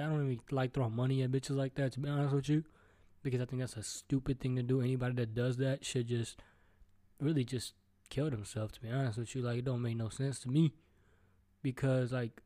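Man, podcast host, solo rant, mellow voice, profane, stuttering, rambling, recording at home. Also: medium pitch. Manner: rambling, profane, jumps between topics; stutters and restarts.

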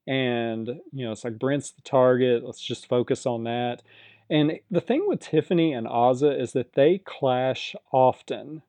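A man's voice: medium pitch, mellow, no room sound. A man recapping a reality competition show in a casual, chatty way, often hedging and repeating himself.

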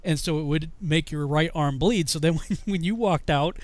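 A man's voice: fairly high pitch, normal speed. A man telling a funny army story casually, laughing often and saying you know a lot.

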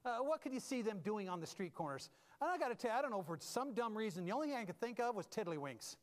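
High-pitched guy preaching, jokey and self-mocking, goes from loud bursts to quiet asides, big echoey church sound. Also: big pitch swings, fast talker. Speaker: pastor. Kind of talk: humorous sermon storytelling.

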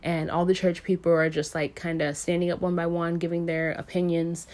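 A woman with a slightly low voice recaps a film's plot in a loose, conversational way. She rambles and fills her sentences with "like" and "um". Now and then she lets a casual swear slip. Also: flat delivery, brisk, darkish tone. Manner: rambling, filler-heavy, lots of "like" and "um"; casually profane. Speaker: movie recap reviewer.

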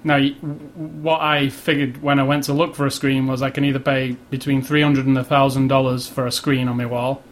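A man's voice: medium pitch, little pitch movement, brisk, few pauses, a little hiss or hum. Guy hosting a movie podcast, dry sarcastic humor, restarts sentences a lot. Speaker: podcast host. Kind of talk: casual chat.

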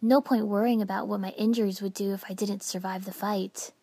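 A woman's voice: medium pitch, fairly even intonation, brisk, breathy edge, no echo. Woman reading a story dramatically. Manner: dramatic, with hushed whispered passages. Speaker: audiobook narrator. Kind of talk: expressive first-person story reading.

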